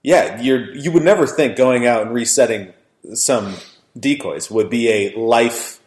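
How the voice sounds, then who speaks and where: A man's voice: mid-range voice, unhurried, a little mellow. A man hosting a podcast, chatting and reacting loosely with lots of fillers. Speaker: podcast host. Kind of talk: casual chat. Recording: roomy echo.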